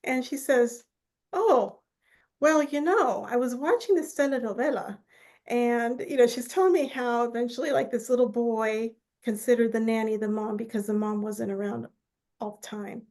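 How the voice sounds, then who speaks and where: A woman therapist speaking as a podcast guest, telling family stories in a lively conversational way and acting out relatives' words. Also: fairly high pitch, normal speed. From United States. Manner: animated storyteller who acts out quoted relatives. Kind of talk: conversational interview storytelling.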